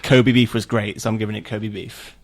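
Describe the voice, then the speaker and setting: A man's voice: fairly low pitch, little pitch movement, fairly quick. Earnest man co-hosting a podcast. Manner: earnest, defends his opinions, starts lines with hesitant restarts. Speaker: podcast co-host. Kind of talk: casual group chat about video games.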